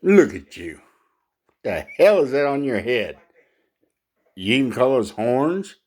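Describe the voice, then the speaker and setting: A man's voice: mid-range voice, very animated, slow, darkish tone, voice pushed up. A man doing a proud, boastful male lion king in a stand-up bit, strutting and self-important. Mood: mocking.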